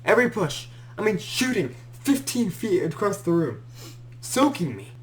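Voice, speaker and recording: Un jeune homme anime sa discussion de podcast avec une voix très mélodique et expressive, qui joue les répliques qu'il raconte et rit souvent. Un léger bruit de fond et un bourdonnement accompagnent l'enregistrement. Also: male voice, high-pitched, moderate pace, a little hiss or hum. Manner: animated storyteller who acts out quotes and laughs a lot. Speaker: podcast host. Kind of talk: casual chat.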